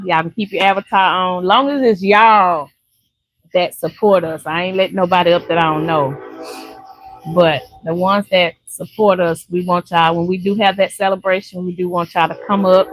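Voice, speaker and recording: A woman's voice: on the low side, poor audio. An older woman from Louisiana, chatting casually and laughing often with viewers on a live stream. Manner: chatty, laughs often, warm folksy talk.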